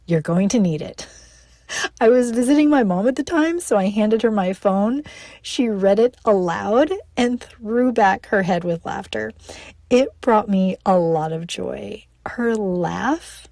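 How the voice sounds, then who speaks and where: A woman's voice: mid-range voice, a little mellow, no room sound. A middle-aged woman reading her personal newsletter aloud in a chatty, playful way, often laughing. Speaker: newsletter author and speaker.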